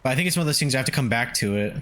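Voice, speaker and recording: Animated young man streaming a game. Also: mid-range voice, racing. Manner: animated, swears and yelps at the game, laughs often. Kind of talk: casual gameplay livestream chat.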